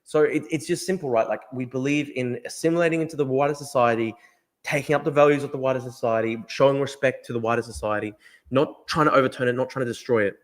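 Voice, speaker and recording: A man with an Australian accent rattles through his points at a fast clip, chatting casually on his livestream. He talks emphatically, circles back to repeat himself and swears freely, at a middling pitch. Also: fairly even intonation. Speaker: livestream host. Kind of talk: casual political livestream talk.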